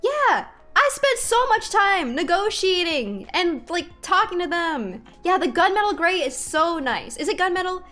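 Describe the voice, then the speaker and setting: A woman's voice: very high-pitched, big pitch swings, a little slow, few pauses, a bit bright. A young woman streamer chatting casually to her viewers, venting with exasperation, swearing freely and laughing in disbelief.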